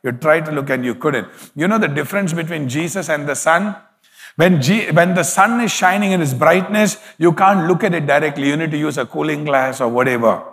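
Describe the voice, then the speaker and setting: A man's voice: on the high side, brisk, fairly bright tone. Emphatic male preacher in a reverberant hall. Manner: emphatic preaching with repeated hallelujahs. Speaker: pastor. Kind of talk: sermon.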